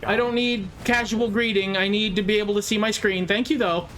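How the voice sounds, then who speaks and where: A man's voice: high-pitched, fairly even intonation, fairly quick, a bit bright, a little hiss or hum. A man playing a video game and chatting casually, blunt and swearing often. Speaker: player at the controls. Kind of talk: casual gameplay chat. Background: game music.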